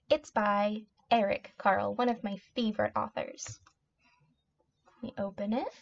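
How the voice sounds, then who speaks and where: A preschool teacher, a woman, reading a picture book aloud to young children in a gentle, expressive, child-directed way. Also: on the high side. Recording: dull lo-fi audio.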